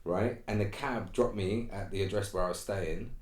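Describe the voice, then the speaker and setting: Male podcast guest, very deep voice, roomy echo, easygoing storyteller. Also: normal speed. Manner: relaxed storyteller, tags lines with "right?". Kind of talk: casual chat, storytelling.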